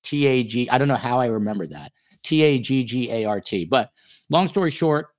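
A man's voice: mid-range voice, animated, a little fast. A man hosting a podcast livestream in a casual, joking, playfully boastful way, with a New Jersey accent. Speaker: podcast host.

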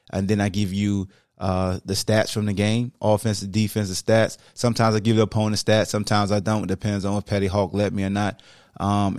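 A man's voice: on the low side, darkish tone, no room sound, clean studio sound. A man hosting a sports podcast, talking in a casual, plain-spoken, loose monologue.

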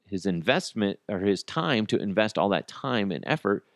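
A man in his thirties hosting a solo comedy podcast, ranting in an animated, self-mocking way and jumping into quick impressions. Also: fairly low pitch, gravelly, dry recording, studio quality. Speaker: podcast host.

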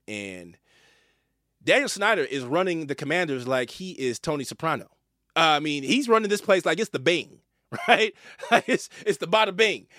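A man's voice: fairly high pitch, no room sound, studio quality. A male host, talking emphatically and swearing as he delivers opinionated commentary. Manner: animated, emphatic, swearing, with fillers and repeats.

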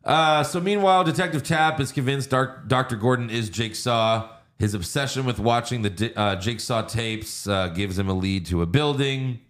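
A man's voice: medium pitch, normal speed, few pauses, fairly bright tone. A man co-hosting a podcast, casually recapping a movie plot with fillers and swearing. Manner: recounts plot with fillers and acted quotes. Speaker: podcast co-host.

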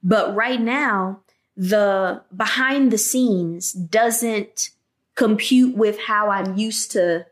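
A woman on a podcast telling animated, sassy stories and acting out the dialogue in them. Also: medium pitch, drawn-out words. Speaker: guest. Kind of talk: casual podcast conversation.

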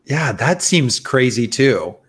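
A man in his thirties co-hosting a podcast, telling a story in rambling, excitable casual chat full of fillers. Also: medium pitch, slow pace, husky. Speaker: podcast co-host.

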